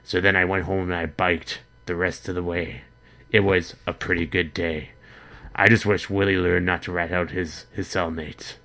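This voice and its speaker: Male comic vlogger, deep, deadpan and rambling, with a crisp forceful edge. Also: moderate pace. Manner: rambling, deadpan, stammering restarts. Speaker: comedy vlogger in character.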